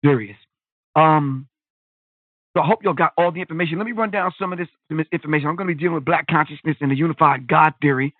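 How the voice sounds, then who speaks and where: A man's voice: fairly high pitch, quick pace, no echo. A man hosting a talk radio show in casual street slang, repeating his phrases. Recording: dry phone-quality line.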